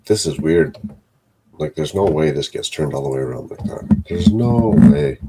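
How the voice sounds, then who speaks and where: A man's voice: rumbling low, normal speed, mellow, a little hiss or hum. A man live streaming from his home setup, rambling, swearing and talking to himself as he chats with his viewers. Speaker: live streamer building sets. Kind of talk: casual live-stream talk to chat.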